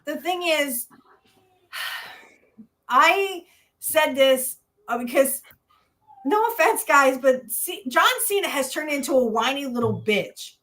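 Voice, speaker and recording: High-voiced blunt woman wrestling podcaster. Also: lively intonation, takes it slowly, long pauses, a bit bright. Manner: blunt, profane, mocking. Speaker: podcast co-host. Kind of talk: casual wrestling review chat.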